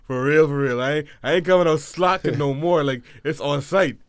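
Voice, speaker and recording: A man's voice: on the high side, fairly quick, clear, resonant tone. A man co-hosting a casual podcast, laughing often and stumbling over repeated fillers. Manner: giggly, stammers with repeated fillers. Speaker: podcast co-host. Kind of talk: casual chat.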